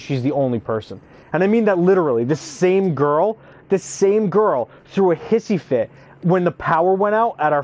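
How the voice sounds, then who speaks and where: A young man telling profane work stories in casual chat, acting out quotes in animated bursts. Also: fairly high pitch. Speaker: youth care worker. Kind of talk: casual storytelling while gaming.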